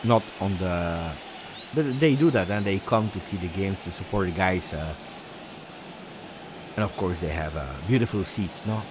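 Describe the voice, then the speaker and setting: A man hosting a live football watch-along, excitable and anxious, chanting repeated words and breaking into shouts. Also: low voice, normal speed, background noise. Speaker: football fan channel host.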